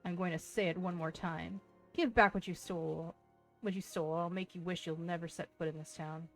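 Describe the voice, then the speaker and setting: A woman's voice: lowish voice, steady tone, a little fast, soft background music, lightly acted, poor audio. A woman voicing a greedy, bullying male merchant who sneers and threatens in a game. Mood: sneering.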